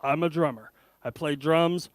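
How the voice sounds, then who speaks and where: A man's voice: on the high side, a little slow, dry recording. A middle-aged man giving a motivational conference talk, telling humorous self-deprecating stories. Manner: storytelling, self-deprecating jokes, lively delivery. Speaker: conference speaker.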